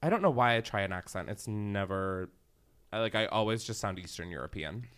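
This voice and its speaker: A young man hosting a comedy podcast, chatting casually in an excitable, gushing way and swearing freely into a studio mic. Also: fairly low pitch, brisk, clean tone. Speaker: podcast host.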